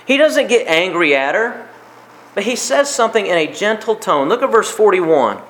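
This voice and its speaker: A man's voice: sits high, animated, moderate pace, a bit bright. A man preaching a sermon, repeating key lines for emphasis. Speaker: pastor.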